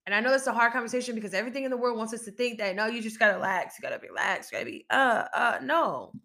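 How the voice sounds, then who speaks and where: A woman's voice: on the high side, lively intonation, very fast, creaky, bright, forceful tone. A woman hosting a motivational podcast, talking casually but emphatically with a repetitive, preaching cadence and faith-infused encouragement. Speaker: podcast host.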